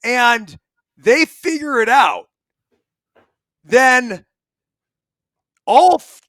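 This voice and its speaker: A man's voice: very high voice, lively intonation, drawn-out words, a bit bright, no room sound, poor audio. A middle-aged man and former ballplayer co-hosting a sports talk show, ranting emphatically and swearing a lot. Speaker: podcast co-host, former ballplayer.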